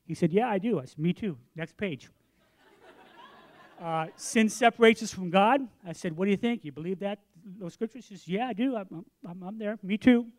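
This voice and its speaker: A man in his sixties preaching a sermon, telling a story with lively acted-out dialogue, then turning quiet and earnest for the lesson. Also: high-pitched, normal speed, a faint crowd. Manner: animated storytelling, acts out both sides of a conversation.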